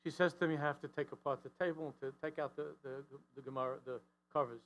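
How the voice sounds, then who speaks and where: A rabbi delivers a storytelling sermon, talking fast and acting out the characters' lines with rising pitch and force, restarting and repeating words frequently. He's an animated storyteller. The recording is muffled.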